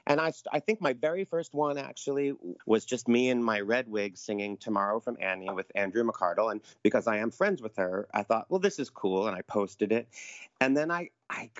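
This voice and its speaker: A man's voice: mid-range voice, fairly quick, no echo, dull audio. A middle-aged man, an actor, chatting as an interview guest and telling stories in a campy, playful way. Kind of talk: casual interview chat.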